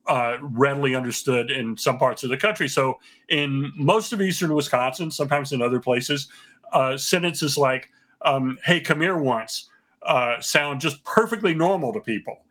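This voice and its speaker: A man from the American South, a linguist guest calmly explaining things with many pauses on a radio talk show. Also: medium pitch. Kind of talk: radio interview.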